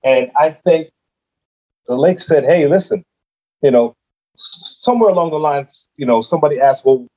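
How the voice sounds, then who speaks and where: A man's voice: a little high, lively intonation, normal speed, pauses often, warm tone, muffled recording. A man who is a guest on a podcast, telling his story casually and animatedly, acting out his own reactions.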